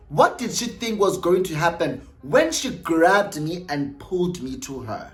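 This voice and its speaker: A young South African man with a South African accent, telling a story casually in an animated way and slipping in isiXhosa phrases. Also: high-pitched, normal speed, hardly any pauses, echoey room, faint music behind. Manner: animated, laughing, mixes isiXhosa phrases into his talk. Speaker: vlogger.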